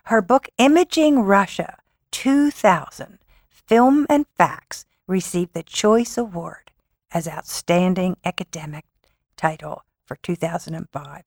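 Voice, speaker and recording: A woman's voice: on the low side, lively intonation, slow pace, darkish tone, no echo, clean studio sound. A woman hosting an interview, introducing her guest in a formal, admiring way. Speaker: interview host.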